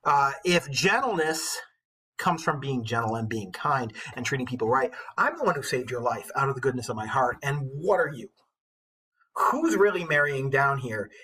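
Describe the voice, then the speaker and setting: Male teacher, online literature lesson, enthusiastic, lively, husky voice. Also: medium pitch, normal speed, low-quality recording. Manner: enthusiastic, chatty, self-mocking. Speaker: English teacher.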